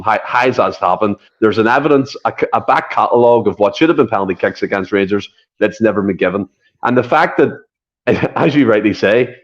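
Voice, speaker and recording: Low-voiced Scottish man in podcast chat. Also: muffled recording. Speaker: podcast co-host. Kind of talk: casual football chat.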